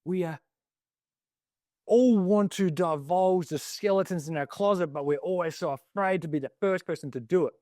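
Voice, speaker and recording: A man's voice: sits high, normal speed, warm tone, dry recording. Earnest Australian man, dry sound. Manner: earnest, reflective, loose with many fillers. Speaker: guest, army veteran. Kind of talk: casual podcast interview.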